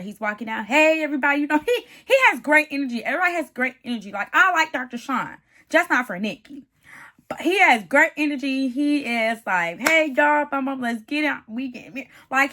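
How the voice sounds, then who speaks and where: A woman giving a casual, animated reality-TV recap, chatty and calling the viewer "honey" and "baby". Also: high-pitched. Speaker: TV show reviewer.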